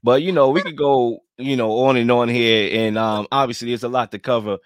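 A man's voice: medium pitch, fairly even intonation, a little fast, a little hiss or hum. A man hosting a podcast, talking in a rambling, conversational way with lots of fillers. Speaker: podcast host. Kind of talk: casual debate chat.

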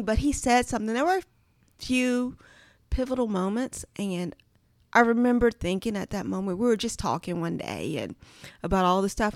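A woman with a medium-pitched voice shares a heartfelt family story as a guest in casual chat, recorded with no echo. She speaks earnestly and fills her speech with lots of "like."

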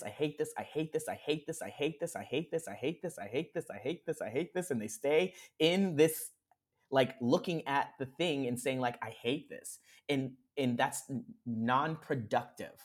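A man's voice: mid-range voice, darkish tone. Male mindset coach, podcast guest, mid-range voice, earnest and repetitive delivery. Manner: earnest, repeats phrases, frequent "right?". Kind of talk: casual podcast conversation.

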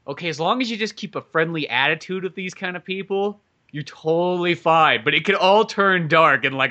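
A young man chatting on a podcast, with a bright, forward tone. His pitch jumps all over as he mimics the people in his story. It is relaxed, rambling storytelling between friends. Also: lo-fi sound. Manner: animated, acts out people in his stories with high voices. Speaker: podcast co-host. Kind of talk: casual chat and storytelling.

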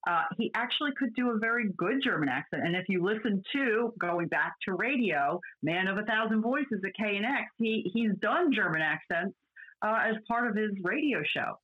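A woman's voice: medium pitch, lively intonation, normal speed, slightly rough. A woman co-hosting a casual chat, talking in a chatty way with many restarts and fillers. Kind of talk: casual chat about classic TV. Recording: dull lo-fi audio.

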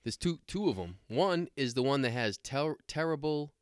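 A man in casual podcast chat tells coarse stories at a loose, rambling pace and slips into other people's voices to act out the funny bits. His pitch sits in the middle, and the recording is dry and close. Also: lively intonation, moderate pace, dry recording.

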